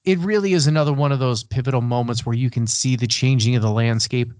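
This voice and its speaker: A man's voice: medium pitch, quick pace, darkish tone, clean tone, no room sound, studio quality. A man co-hosting a music podcast, arguing his picks firmly in casual debate. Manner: firm, argumentative, builds a case. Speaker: podcast co-host. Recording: remote call, own mic.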